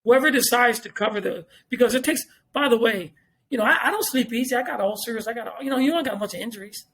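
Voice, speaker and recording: Middle-aged male podcast guest, very high voice, rapid-fire blunt delivery full of cursing and repetition. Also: fairly bright tone, a little hiss or hum. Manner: blunt and profane, repeats points for emphasis. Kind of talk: casual podcast talk.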